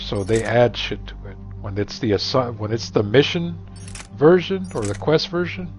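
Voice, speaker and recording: A middle-aged man chatting casually while gaming, rambling and profane, cracking jokes at his friends' expense. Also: lowish voice. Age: 40s or 50s. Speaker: gamer streaming. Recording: dull lo-fi recording, faint music.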